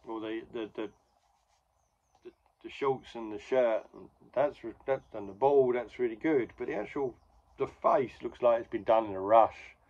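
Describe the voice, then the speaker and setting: A man's voice: medium pitch, lo-fi sound. A man in his forties casually retelling a comic strip with wry asides. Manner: wry, conversational, full of asides. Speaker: comics podcast host.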